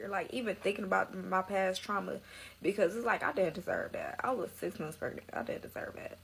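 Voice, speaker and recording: A young woman tells a personal story in loose, slangy speech, dramatic and tearful. Her voice has a gravelly edge. A faint hiss sits under the recording. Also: mid-range voice, sing-song, fairly quick, a bit bright, poor audio. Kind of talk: emotional storytime.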